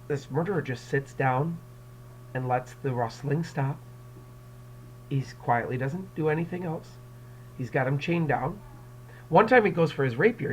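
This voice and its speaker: A man's voice: fairly high pitch, a little hiss or hum, rough recording. A male English teacher giving a casual recorded lecture, rambling with many fillers and repeated words, and acting out quotes with raised voices.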